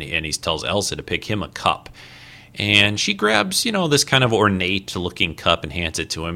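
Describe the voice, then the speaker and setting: A man's voice: sits low, sharp tone. A man casually talking through a movie scene in a rambling way, full of fillers and restarts. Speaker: movie commentary host. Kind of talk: casual film commentary.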